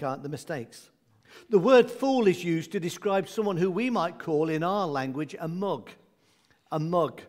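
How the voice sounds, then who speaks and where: A man preaching a sermon in a conversational, humorous way, with asides and jokes for his congregation. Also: a little high.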